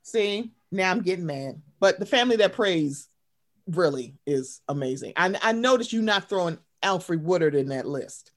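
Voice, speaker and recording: A woman's voice: lowish voice, expressive, normal speed. A woman co-hosting a casual chat, ranting emphatically and profanely, acting out quoted voices. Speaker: podcast co-host.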